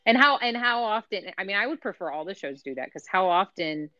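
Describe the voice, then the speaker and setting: A woman's voice: mid-range voice, lively intonation, brisk, bright, forceful tone, muffled recording. A woman on a podcast panel, chatting casually and explaining things as she thinks aloud.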